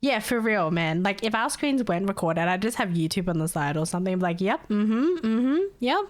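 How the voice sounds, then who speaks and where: A woman's voice: on the low side, brisk. A woman streamer telling a story in casual chat, laughing often and swearing freely.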